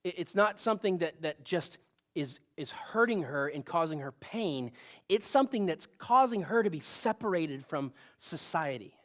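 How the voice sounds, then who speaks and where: A man's voice: a little high, lively intonation, moderate pace. A male pastor giving a sermon in a conversational style, with asides and bursts of rising emphasis.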